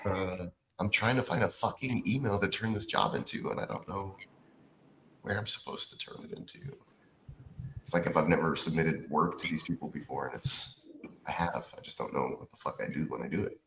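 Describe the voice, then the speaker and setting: A man's voice: low-pitched, fairly quick, vocal fry, fairly bright tone, roomy sound, a little hiss or hum. A man co-hosting a casual podcast chat, laid-back and swearing, muttering to himself while he types. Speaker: podcast co-host.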